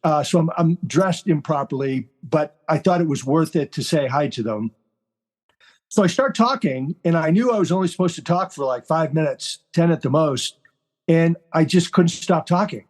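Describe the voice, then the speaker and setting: A man's voice: a little high, normal speed. A retired army general in his sixties, telling a long personal story in an interview and acting out the voices of the people in it. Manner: animated, acts out quoted voices.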